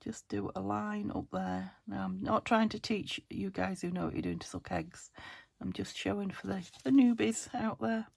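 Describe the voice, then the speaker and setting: Chatty croaky woman crafting on camera. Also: mid-range voice, steady tone, normal speed, few pauses, darkish tone, dry recording. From United Kingdom. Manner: chatty, self-chiding, thinks aloud while working. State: slightly croaky voice. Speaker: crafting channel host. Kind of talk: casual craft tutorial chat.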